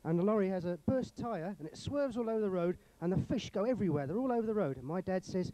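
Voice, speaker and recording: A young man telling a joke at a pub, doing high voices for the children in it. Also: expressive, quick pace, hardly any pauses, dark tone, a little hiss or hum, low-quality recording. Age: young adult.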